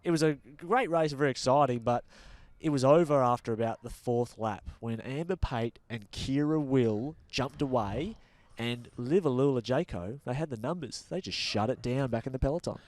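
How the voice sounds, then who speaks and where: An Australian man co-hosting a cycling show, talking in an energetic, chatty way with lots of fillers. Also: mid-range voice, moderate pace, dry recording. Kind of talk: casual sports chat.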